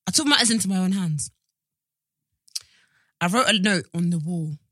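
A woman's voice: lowish voice, moderate pace, no echo, clean studio sound. A young woman, co-hosting a casual chat podcast and telling stories animatedly, acting out the dialogue. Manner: animated storyteller who acts out quoted dialogue. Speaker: podcast co-host.

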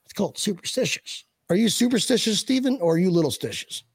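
Male podcast host, excitable and rambling, slightly high voice, dry sound. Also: quick pace, slightly rough, no echo. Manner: excitable, laughs often, stumbles over words. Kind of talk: casual chat.

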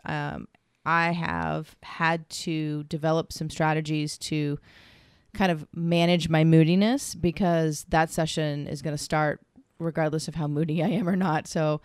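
A woman's voice: sits low, clear, resonant tone, dry recording, studio quality. A middle-aged woman who works as a massage therapist, chatting casually and laughing often as she talks through a questionnaire. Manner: chatty, laughs often, quotes others in lively voices. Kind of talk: casual chat, answering a questionnaire together.

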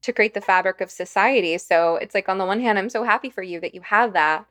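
A woman's voice: mid-range voice, fast, fairly bright tone. A woman hosting a podcast interview, responding in a thoughtful, conversational way. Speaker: podcast host.

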